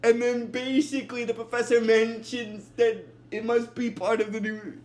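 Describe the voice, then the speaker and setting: A man with a high voice walks through a cartoon episode in a loose, casual recap. He rambles from one event to the next, leaning on "basically" and "and then." He laughs easily along the way. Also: flat delivery, normal speed, darkish tone. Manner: breaks into laughter.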